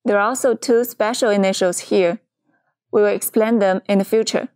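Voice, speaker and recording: A woman teaching a beginner's pronunciation lesson in a clear, patient scripted dialogue. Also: mid-range voice, steady tone, moderate pace, darkish tone, no room sound, studio quality. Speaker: Chinese teacher.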